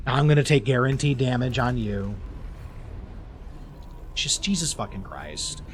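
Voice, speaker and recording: A man's voice: mid-range voice, big pitch swings, a little slow, a little hiss or hum. A young man streaming a video game, ranting and swearing in frustration as he comments on a battle. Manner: swears a lot, exasperated ranting. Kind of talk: frustrated live gameplay commentary.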